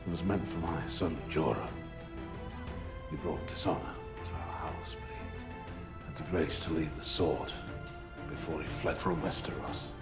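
A grave, aging northern commander with a very deep voice. He speaks with weight and solemnity, under a swell of score music. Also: unhurried, pauses often.

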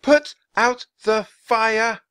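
A man reading a storybook aloud, voicing an eager brave young girl with high, urgent exclamations. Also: lively intonation, a little fast, no echo, clean studio sound. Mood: pleading. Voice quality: high and bright.

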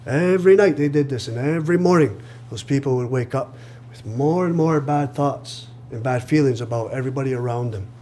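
A man telling a traditional story aloud to an audience in a lively way, acting out the voices and chuckling at his own jokes. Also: medium pitch, a little fast, slight background noise. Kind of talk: live oral storytelling. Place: live reading event.

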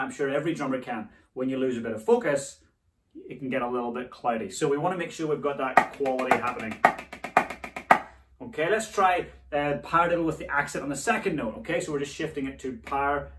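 A man's voice: a little high, a bit bright. A man leads a drumming lesson and encourages his students as he speaks each syllable of the rudiment aloud. He sits a little back from the microphone in a roomy, echoing space. A faint hiss sits under his voice. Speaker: drumming teacher. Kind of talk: instructional lesson. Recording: echoey room, voice a bit far from mic.

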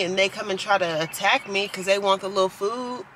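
A woman's voice: medium pitch, brisk, hardly any pauses, fairly bright tone, a little hiss or hum, low-quality recording. A young woman vlogging in a bubbly, chatty way, talking straight to her viewers. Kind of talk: casual vlog chat.

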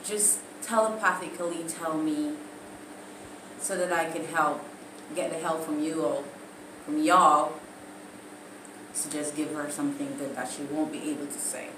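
A woman's voice: low-pitched, fairly even intonation, measured pace, long pauses, recorded from a distance, background noise. Teasing woman, echoey room. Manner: teasing, laughing, switches into patois. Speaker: vlogger. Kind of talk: playful challenge banter.

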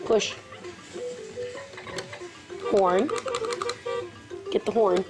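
A woman's voice: medium pitch, steady tone, drawn-out words, over music. A mother talking baby talk to her infant son at home, coaxing him with sing-song, repetitive prompts.

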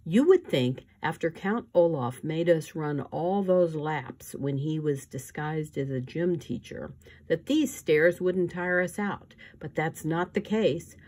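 A woman's voice: low voice, slow pace, a little mellow. A woman voicing a practical, cheerful teenage girl who invents things, in a storybook reading.

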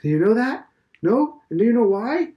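A man reading aloud, voicing a pompous old male schoolmaster who speaks briskly and emphatically. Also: fairly high pitch, lively intonation, gravelly, muffled recording. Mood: emphatic. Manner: loud, emphatic, brisk lecturing.

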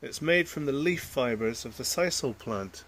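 Man reading a storybook, lively. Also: mid-range voice, measured pace. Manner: chatty, adds friendly asides to listeners. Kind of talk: reading a children's picture book aloud.

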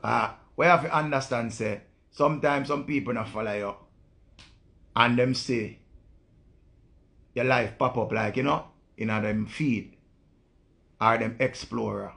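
Gravelly Jamaican man ranting bluntly. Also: medium pitch, measured pace, long pauses, fairly bright tone. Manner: blunt, profane ranting in patois. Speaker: live-stream host. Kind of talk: casual monologue to viewers.

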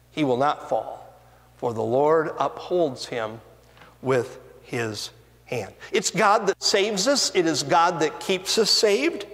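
Slow, lively preaching man in a church hall. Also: high voice. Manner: earnest preaching, rising and falling emphasis, slow deliberate delivery. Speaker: pastor. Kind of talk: sermon. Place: church sanctuary. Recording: long reverb of a church hall.

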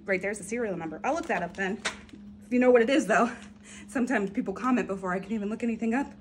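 Excitable, over-caffeinated woman vlogger unboxing finds, casual chatter, noisy home recording. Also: mid-range voice, quick pace. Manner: chatty, excitable, talks to viewers while unboxing. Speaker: reseller vlogger.

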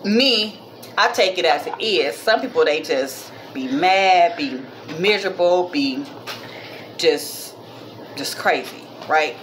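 A woman's voice: lowish voice, animated, slow pace, a bit bright, a little hiss or hum. A woman vlogger and mother chatting casually to her viewers, rambling and heartfelt, calling them "y'all", with a minor cough. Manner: heartfelt, religious. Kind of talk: casual chat to camera.

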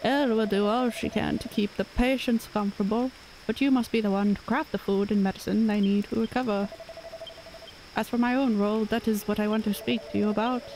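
A woman's voice: mid-range voice, fairly even intonation, fairly quick, darkish tone, slight background noise, lightly acted, low-quality recording. A woman voicing an older male town doctor in a video game, with formal, old-fashioned phrasing. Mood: earnest.

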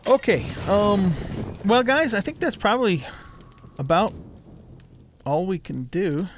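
A man's voice: sits high, big pitch swings, slow, slight background noise. Easygoing man narrating his gameplay. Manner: easygoing, talks to viewers while playing. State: hiccups. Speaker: gaming channel host. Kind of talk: casual gameplay commentary.

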